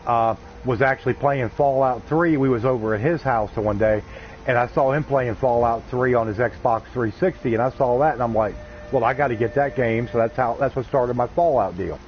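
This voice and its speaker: Man, game stream host, casual rambling chat, mid pitch, dull lo-fi sound. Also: fairly quick, soft background music. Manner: rambling, laid-back, folksy. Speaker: gaming livestream host. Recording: slightly dull lo-fi stream audio.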